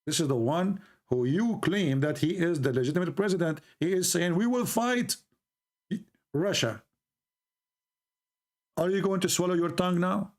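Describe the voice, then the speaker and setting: A man's voice: on the high side, moderate pace. A man giving argumentative commentary, telling a folk tale and mocking his opponents as he acts out their voices.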